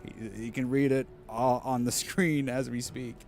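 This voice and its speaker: A man's voice: mid-range voice, fairly even intonation, measured pace, creaky, darkish tone, soft background music. Crude, joking male game streamer. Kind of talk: casual gameplay commentary.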